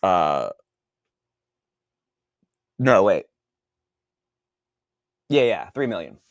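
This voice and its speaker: A man who writes books, talking casually in a podcast monologue, swearing a lot and working out sums out loud. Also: sits low, very animated, drawn-out words, no echo. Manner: profane, thinks aloud while doing math. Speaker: author.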